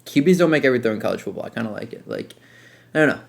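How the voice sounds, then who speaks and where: A young man talks through his football video game plays in an easygoing, rambling way, full of fillers and restarts. His voice has a gravelly edge and sits at an ordinary pitch. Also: very fast. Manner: relaxed, rambling, filler-heavy breakdown of plays. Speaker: gaming content creator. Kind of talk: casual gameplay commentary.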